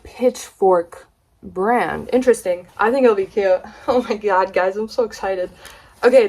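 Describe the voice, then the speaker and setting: A young woman from the United States, chatting excitedly in a casual haul vlog, gushing and swearing casually. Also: mid-range voice. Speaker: vlogger.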